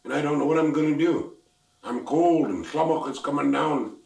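A man's voice: fairly high pitch, normal speed, creaky, darkish tone. An older man voicing a spoiled little girl who pleads and wails in a frantic whine. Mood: wailing. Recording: roomy, mic at a distance.

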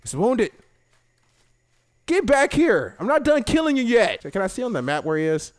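A young man giving casual let's-play commentary, excitable, swearing often and talking to himself as he plays. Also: very high voice, normal speed, no room sound. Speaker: gaming video host.

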